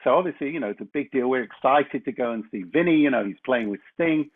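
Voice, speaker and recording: A man guest on a chat show, telling a long rambling anecdote in a casual, animated way. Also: medium pitch, fast. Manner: rambling storyteller, animated when recounting. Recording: slightly muffled lo-fi audio with faint noise.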